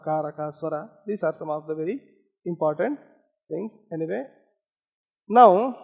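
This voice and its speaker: Male lecturer from India, high-pitched, patient explaining with fillers, hall reverb. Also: darkish tone. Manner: explanatory, with frequent "okay" and "uh" fillers. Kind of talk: academic lecture.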